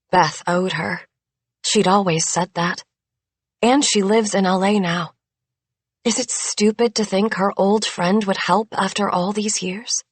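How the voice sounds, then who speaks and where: A woman narrating a thriller audiobook in a measured, suspenseful way, close to a studio mic. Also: medium pitch, husky, no room sound. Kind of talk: scripted narration.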